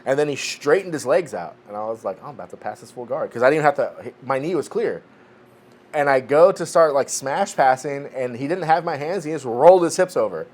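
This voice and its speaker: A man's voice: medium pitch, lively intonation, a little fast, a little mellow. A man in his forties, a podcast co-host telling a training story in a casual chat, swearing freely and restarting his sentences. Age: 40s.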